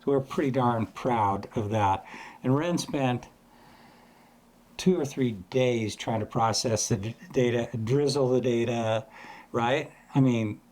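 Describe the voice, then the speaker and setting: A man's voice: medium pitch, slow pace, a little mellow. A man teaching astrophotography in a loose, chatty way, sometimes imitating sounds to make a point. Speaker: astrophotography educator. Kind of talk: casual explanatory lesson.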